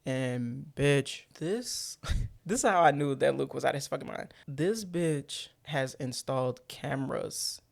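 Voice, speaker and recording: Male YouTuber, casual movie recap, animated and profane, jumps into character voices mid-sentence. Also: medium pitch, a little slow, gravelly.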